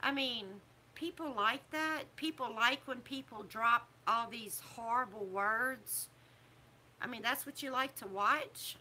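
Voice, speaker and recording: A middle-aged woman, talking casually to camera as a vlogger in a disapproving, preachy way with drawn-out emphasis. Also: on the high side, bright, forceful tone, slight background noise. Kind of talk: casual opinion talk to camera.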